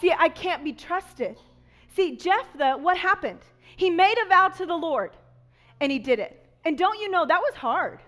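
Woman, children's pastor, high voice, animated kids' sermon. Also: measured pace. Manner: animated storytelling, addresses kids as "y'all".

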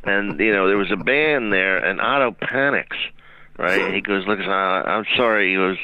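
A man's voice: low-pitched, expressive, normal speed, muffled recording. A man hosting a casual comedy chat, telling rambling anecdotes with lots of fillers. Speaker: host. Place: comedy club stage.

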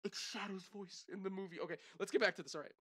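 A young gaming channel host reacting to a movie trailer, hyper and loud, shouting and laughing. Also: mid-range voice, fairly even intonation, fast, husky. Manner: hyper, shouts and laughs, lots of "bro" and "oh my gosh".

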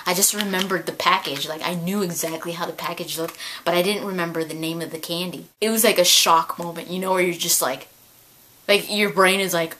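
Excitable twenty-something woman vlogging. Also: lowish voice, fairly quick, low-quality recording. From California. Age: 20s. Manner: excitable storytelling, gushing, laughs often, repeats words. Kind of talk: casual chat to camera.

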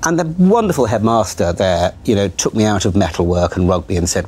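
In a frank, therapy-style conversation, a middle-aged man who runs a TV channel pokes fun at himself. His fairly low voice is warm, sing-song and breathy, moving a little fast with hardly any pauses.

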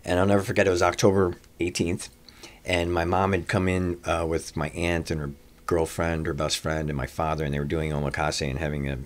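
Really low-voiced guy, restaurant owner, rambling through a story with lots of uhs and the odd swear. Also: level tone, fairly quick. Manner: long anecdotes with frequent "uh" fillers and restarts; swears casually. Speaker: restaurateur guest. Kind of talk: personal storytelling in conversation.

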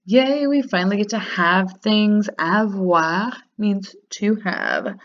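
A woman teaching a recorded grammar lesson, upbeat and patient, repeating words slowly so they sink in. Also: lowish voice. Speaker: French teacher. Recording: dull lo-fi sound.

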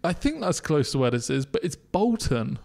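Very animated and somewhat high-voiced, this young podcast co-host has a gravelly, darkish tone and talks at normal speed. He ribs his friend, laughs often, and reads off survey stats as they chat.

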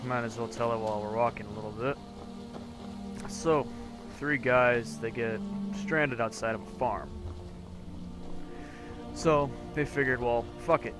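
A man chatting casually over a game playthrough, crude and rambling with plenty of swearing. His voice sits in an ordinary middle pitch. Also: normal speed, over music. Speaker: gamer commentating a playthrough. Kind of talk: casual let's-play commentary.

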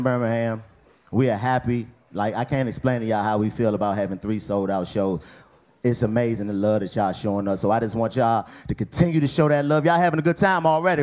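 A man's voice: medium pitch, a little mellow. Man hyping up a club crowd. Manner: hype-man, addresses the crowd directly. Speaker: stand-up comedian and host. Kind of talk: hyping the crowd, introducing the next act. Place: comedy club stage.

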